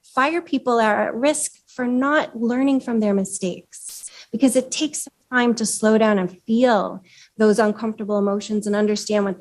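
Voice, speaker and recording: A woman's voice: a little high, a little mellow. Woman presenting to a small meeting. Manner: conversational, with fillers and audience questions. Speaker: speaker at a chapter meeting. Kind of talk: live presentation to a small audience. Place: meeting room with a live audience.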